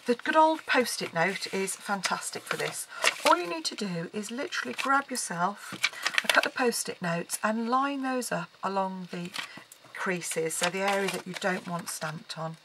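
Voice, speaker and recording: A woman talks through a card-making project at her craft table, in an easy, chatty way with plenty of ums. Her voice sits at an ordinary middle pitch for a woman. A loud, steady noise runs under the whole recording. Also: normal speed. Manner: chatty, explaining while working, frequent ums. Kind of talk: casual craft tutorial.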